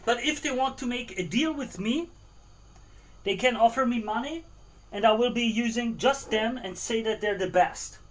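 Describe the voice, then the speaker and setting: Chatty high-voiced man cooking on stream. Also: normal speed. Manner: chatty, thinking aloud while cooking, moving around the kitchen. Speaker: stream host cooking a stew. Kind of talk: casual cooking live stream chat. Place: home kitchen.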